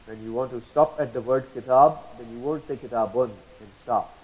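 A man teaching a lesson, patiently spelling out terms, repeating examples slowly and asking checking questions. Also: mid-range voice, darkish tone, rough recording. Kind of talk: explanatory lesson.

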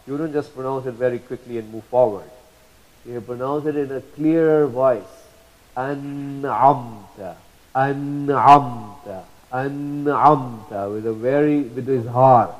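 A man teaching Quran recitation rules, patiently repeating each example slowly and drawing out the sounds. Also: medium pitch, dark tone, muffled recording. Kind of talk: slow tajweed lesson.

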